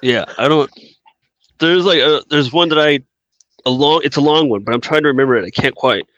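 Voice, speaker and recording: A young man in casual chat, relaxed and rambling, who laughs easily. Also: fairly high pitch, fairly quick, no room sound, dull audio.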